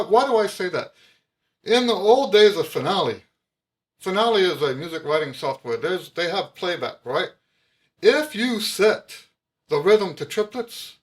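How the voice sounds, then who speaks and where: A man teaching jazz trumpet to camera, emphatic, repeating his key points with frequent restarts. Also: fairly high pitch. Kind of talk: explaining music to camera.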